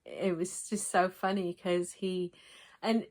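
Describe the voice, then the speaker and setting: A woman with a mixed American and English accent, hosting a crafting vlog in a gentle, rambling chat to camera with frequent restarts. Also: fairly low pitch, fairly even intonation, slow. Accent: mix of American and English.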